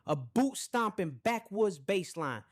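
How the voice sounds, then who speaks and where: A man's voice: sits high, sing-song, slow pace, slight background noise, exaggerated voice. A synthetic male voice playing a brash, profane AI mobster character, boastful and hyped-up in comic banter. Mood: swaggering.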